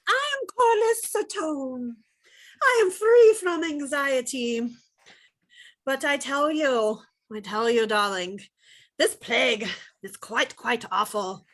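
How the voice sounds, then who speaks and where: Woman playing a vengeful female plague healer, theatrical, slow, bright voice. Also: high voice, lively intonation, heavily acted. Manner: theatrical, calls people darling. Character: dramatic female plague healer, vengeful toward royal court.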